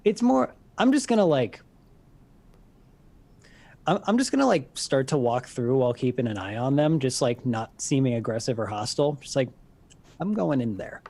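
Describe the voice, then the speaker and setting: A man's voice: medium pitch, lively intonation, moderate pace, darkish tone. A man playing a tabletop game, speaking hesitantly with many fillers. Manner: hesitant, lots of "like". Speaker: player. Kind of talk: casual tabletop play.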